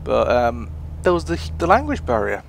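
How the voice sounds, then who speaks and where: Young British man, gameplay commentary, chatty and rambling, gravelly, faint background noise. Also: mid-range voice, huge pitch swings, moderate pace. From Britain. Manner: rambling, chatty, self-mocking. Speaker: gaming YouTuber.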